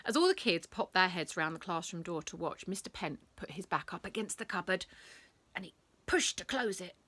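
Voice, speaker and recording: A woman reading a bedtime story, animated, acting out sound effects and dropping to whispers. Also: on the low side, moderate pace.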